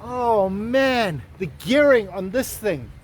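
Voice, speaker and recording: A man with a very high voice hosts a travel vlog outdoors, bouncing from one excited remark to the next. He jokes in a mock salesman patter while showing things to the camera. Faint birdsong and outdoor ambience sit behind him. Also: slow pace, slight background noise. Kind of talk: casual walking tour to camera. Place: outdoors on a garden estate.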